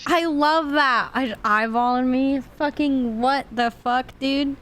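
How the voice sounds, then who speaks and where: A woman's voice: high-pitched, slow pace, a bit bright, clean tone. A woman chatting casually on a podcast, swearing freely and joking. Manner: laughs often, swears, chatty. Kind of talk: casual chat.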